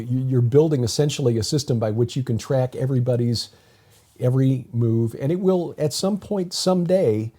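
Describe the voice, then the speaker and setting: A man's voice: medium pitch, warm tone, slightly rough. A man co-hosting a talk podcast in a casual, rambling way, often restarting his sentences. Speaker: podcast co-host. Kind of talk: casual conversational commentary.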